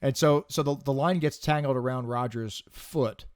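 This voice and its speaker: A man co-hosting a casual movie review podcast, joking crudely and laughing along with quick yeps. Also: medium pitch, a little mellow. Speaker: podcast co-host.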